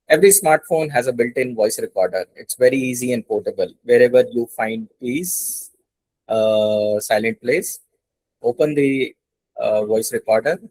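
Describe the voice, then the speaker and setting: A man's voice: mid-range voice, a little mellow, no room sound, rough recording. A man with an Indian English accent leads a class over a video call. His voice sits mid-range, in a dry, close setting. He explains patiently and circles back to stress each point. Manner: instructive, repeats points for emphasis. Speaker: internship instructor. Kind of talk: online class teaching.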